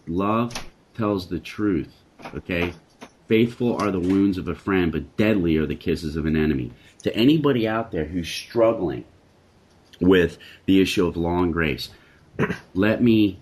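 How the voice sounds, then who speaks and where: A man's voice: sits low, expressive, a little slow, a little mellow, breathy edge. A man hosting a Christian talk discussion, speaking in an emphatic, preacherly way and repeating phrases for force. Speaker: Christian talk show host.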